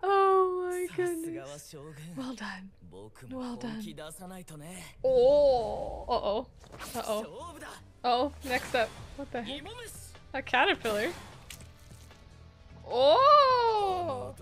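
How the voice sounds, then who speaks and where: A woman hosting an anime reaction video, chatting casually and breaking into gasps, laughs and loud exclamations. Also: high voice, drawn-out words, pauses often, soft background music. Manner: excitable, gasping, laughing and exclaiming often. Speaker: anime reaction channel host.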